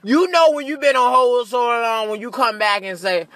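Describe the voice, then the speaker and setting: A man with a notably high voice and a bright, sharp edge rants in a comic monologue. He speaks, cussing freely and laughing at his own jokes. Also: fairly even intonation, normal speed, no room sound. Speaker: comedian. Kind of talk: stand-up style comedic rant.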